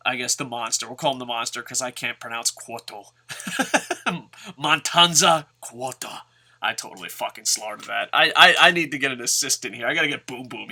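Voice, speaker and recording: A man reviewing a wrestling show in a casual, rambling vlog, swearing constantly and breaking into loud, excited shouts. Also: mid-range voice. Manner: rambling, self-correcting. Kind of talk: casual profane recap vlog.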